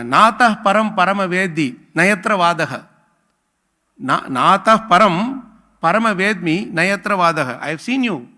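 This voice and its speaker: A man preaches in a relaxed, conversational way, chuckling and checking in with his listeners. His voice sits high and bright. It rings with the long reverb of a hall. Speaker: preacher giving a scripture class. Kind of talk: sermon.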